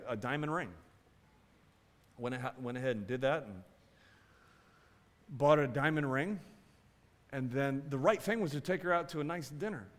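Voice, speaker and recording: A man preaching a sermon as a pastor, swinging between loud exclamations and quiet asides. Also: fairly high pitch, long reverb tail.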